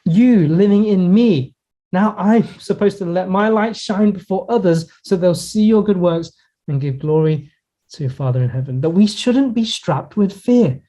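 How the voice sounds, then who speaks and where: A male pastor delivers a sermon in an earnest, reflective manner, stretching out key words for emphasis. His voice sits a little high for a man yet sounds mellow and warm. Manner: earnest, reflective preaching with pauses and slowed emphasis. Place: church in Hong Kong.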